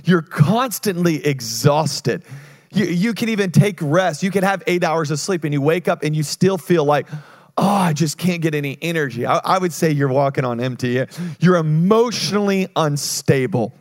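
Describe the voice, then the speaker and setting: A male pastor preaching a sermon, energetic, with call-and-response and quick restarts. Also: on the high side.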